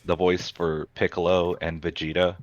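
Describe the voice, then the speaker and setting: A player in a tabletop game, chatting casually and pausing often mid-thought. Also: deep voice, flat delivery, no echo, highs cut off.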